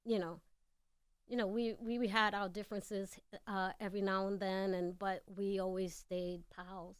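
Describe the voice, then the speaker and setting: Animated woman telling a story. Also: medium pitch, moderate pace, clean tone, no room sound, clean studio sound. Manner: animated, acts out quoted voices. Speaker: guest. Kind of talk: storytelling in a radio interview.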